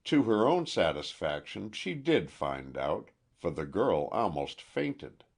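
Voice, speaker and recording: A man reading a mystery audiobook aloud in a measured, expressive way. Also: low voice, vocal fry, breathy edge. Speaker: audiobook narrator.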